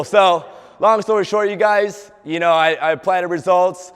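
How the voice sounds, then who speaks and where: A man's voice: high-pitched, fairly even intonation, normal speed, clean tone. Chatty young man in a reverberant hall. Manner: chatty, asks the audience questions, acts out quoted dialogue. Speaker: fitness trainer. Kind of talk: motivational talk to a live group.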